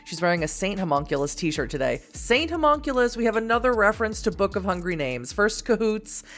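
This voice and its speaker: A woman's voice: mid-range voice, big pitch swings, fairly quick, fairly bright tone, soft background music. An American woman from the Boston area who reads a text game aloud and chats with viewers in a rambling, laughing way. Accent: General American. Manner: chatty and rambling, often laughing at her own asides. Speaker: streamer reading an interactive novel aloud.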